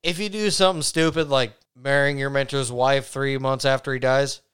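A man's voice: medium pitch, steady tone, normal speed, a bit bright, clean tone. A man co-hosting a podcast in casual chat, dropping wry, joking asides. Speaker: podcast co-host.

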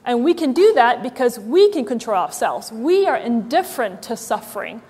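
A woman's voice: fairly high pitch, big pitch swings, normal speed, a little mellow, husky, long reverb tail. A woman giving a casual conversational sermon as a church's executive director, chatty and wry, with frequent ums and likes. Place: church meeting hall with live audience.

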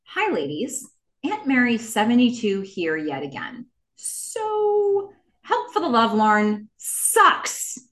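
A woman puts on a blunt, exasperated older woman reading her own fed-up letter aloud. The delivery swings wildly in pitch and breaks into loud shouts. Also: huge pitch swings, slow, heavily acted. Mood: indignant. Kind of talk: dramatic email reading.

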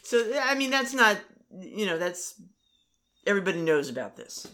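Rambling middle-aged woman, halting chat. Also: medium pitch, sing-song, sharp tone. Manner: rambling, halting restarts and fillers. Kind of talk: casual conversation.

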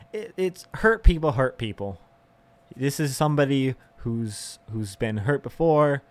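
A man's voice: medium pitch, dry recording. A young man talking candidly and emotionally in a profane, exasperated monologue, with laughs and sighs.

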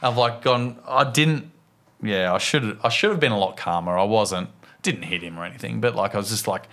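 Lively Australian man telling a story. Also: on the low side, moderate pace. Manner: animated, tumbling storyteller. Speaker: podcast co-host. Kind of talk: casual chat, storytelling.

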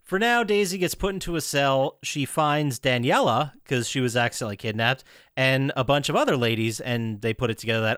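A man's voice: mid-range voice, fairly quick, a bit bright, smooth, no echo, studio quality. A man co-hosting a podcast, recapping a movie in casual chat, swearing freely and quoting lines as he goes. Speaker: podcast co-host.

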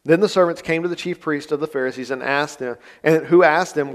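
A man's voice: fairly high pitch, brisk. A male pastor, preaching a sermon in a conversational, folksy manner. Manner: conversational, plain-spoken, folksy asides. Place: church sanctuary. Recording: long church reverb.

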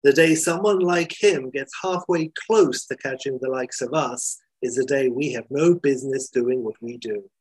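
A man voicing a cool, self-assured female con artist with a crisp, teasing delivery. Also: mid-range voice, normal speed, few pauses, dry recording, lightly acted, poor audio.

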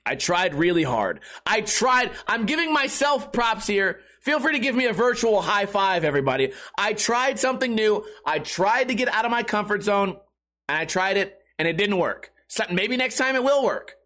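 A middle-aged man ranting on his podcast in a casual, profane, sarcastic way. His voice sits fairly high and sounds bright and forceful. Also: big pitch swings, normal speed. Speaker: podcast host.

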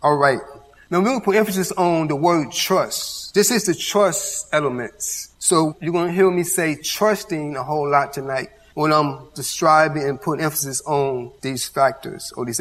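A man's voice: on the high side, normal speed, fairly bright tone. Man teaching Bible in a reverberant hall. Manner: call-and-response questions to the audience. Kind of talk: interactive church teaching. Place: church hall with audience.

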